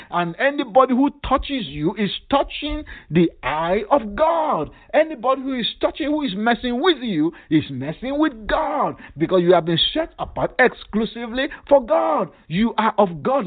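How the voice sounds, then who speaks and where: A man's voice: high voice, sing-song, normal speed, few pauses, husky. A male pastor leading a fervent prayer sermon, repeating emphatic phrases. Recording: tinny phone-line sound.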